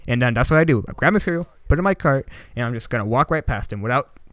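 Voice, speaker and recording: Young guy telling a story casually, animated retelling, mid pitch, dead dry room. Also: rapid-fire, dry recording. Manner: rambling, animated retelling with filler words. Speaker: YouTuber.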